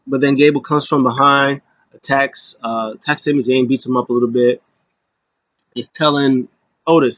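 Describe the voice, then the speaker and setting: A man casually recapping a wrestling show, rambling and animated, with lots of fillers. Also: medium pitch, moderate pace, dry recording.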